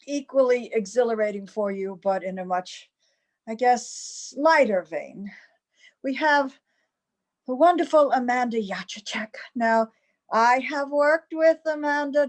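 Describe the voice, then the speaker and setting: A woman hosting a variety show, introducing performers with effusive, gushing praise. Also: a little high. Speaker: host and curator.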